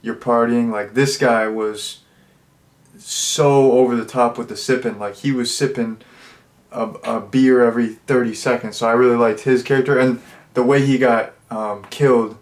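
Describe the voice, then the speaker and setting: A man's voice: mid-range voice, steady tone, normal speed. A young man giving a casual, rambling movie review, full of fillers and restarts.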